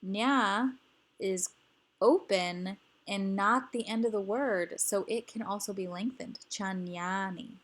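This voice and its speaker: A woman's voice: medium pitch, slow. A woman teaching grammar rules, explaining patiently and repeating each example word.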